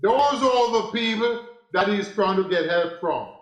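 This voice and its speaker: A man giving a slow, preachy spiritual monologue, repeating phrases for emphasis. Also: high voice, animated, echoey room, low-quality recording. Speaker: spiritual teacher.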